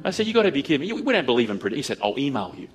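A man telling a story to an audience, acting out the dialogue in an animated way. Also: mid-range voice, rapid-fire, faint music behind. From Australia. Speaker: speaker addressing an audience. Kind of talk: storytelling talk.

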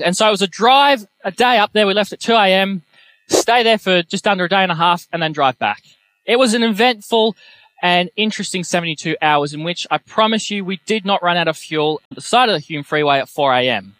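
A young man preaching a sermon, telling self-deprecating personal stories in a lively way. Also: high-pitched.

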